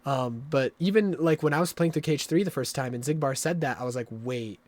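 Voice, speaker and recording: A man with a slightly high voice streams a video game live, talking fast as he explains the story at length. He's rambling and excitable and swears often.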